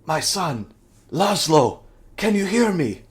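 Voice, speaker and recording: A man voicing a desperate, fatherly male mad-scientist creator in a high, shrieking voice. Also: big pitch swings, slow pace, breathy edge, exaggerated voice. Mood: tender. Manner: high shrieking pleas and shouts.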